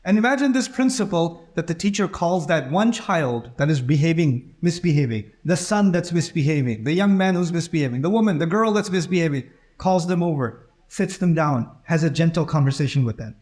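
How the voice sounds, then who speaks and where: A man with a fairly high voice delivers a sermon. He talks in a relaxed, conversational way and acts out the people in his stories. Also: brisk. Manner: conversational, acts out quoted dialogue. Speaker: preacher.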